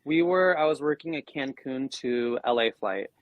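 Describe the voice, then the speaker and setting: A man mid-story on a casual podcast, voice in an ordinary middle register. He brings quoted people to life with lively jumps in tone, and the recording is dry and close. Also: mid-range voice, moderate pace, no room sound, narrow, tinny audio. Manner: animated, acts out quoted voices. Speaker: podcast co-host.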